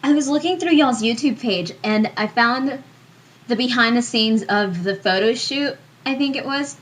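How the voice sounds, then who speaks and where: A woman interviewing a band over the phone, chatty and quick to laugh. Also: fairly high pitch. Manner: laughs easily, conversational.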